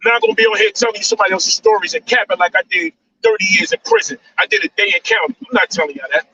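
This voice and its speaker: A man's voice: high voice, very animated, racing, creaky, sharp tone. A man, hosting a live stream and lecturing his audience, repeating lines and saying "man" a lot. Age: 40s. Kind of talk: casual monologue on a live stream. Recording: dull, distant mic with faint noise.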